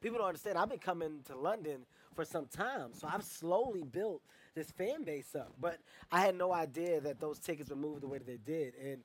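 High-voiced, animated male performer. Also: brisk, few pauses, a little hiss or hum. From Philadelphia. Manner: animated storyteller, laughs easily. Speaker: touring performer guest. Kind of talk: interview.

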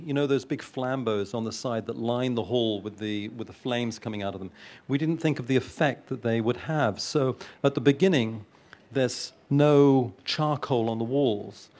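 Man, mid-pitched, earnest producer at a panel, hesitant. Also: darkish tone. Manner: earnest, hesitant, many restarts. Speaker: film producer. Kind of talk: interview answers.

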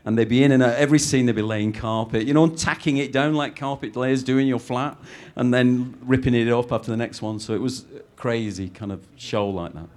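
A man's voice: medium pitch, a little fast, hardly any pauses. British director guy talking through his casting, middle-aged, rambly, lots of restarts. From Britain. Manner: rambling, lively, frequent restarts. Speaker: film director. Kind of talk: interview answers.

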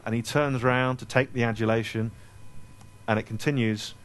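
A man in his thirties tells funny stories to a live audience at a store event. His voice sits in an ordinary middle register, and he talks in a lively, self-deprecating way. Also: mid-range voice, moderate pace. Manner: self-deprecating, animated anecdote-telling. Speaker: author speaking at a store event. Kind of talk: comic storytelling to a live audience.

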